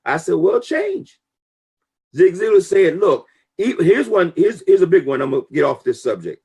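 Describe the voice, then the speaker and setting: A man with a gravelly, slightly husky voice that sits a bit high for a man. He talks in a casual, emphatic, preachy way and tells lively stories as he gives business advice. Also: brisk. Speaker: network marketing talk show guest. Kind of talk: casual motivational talk.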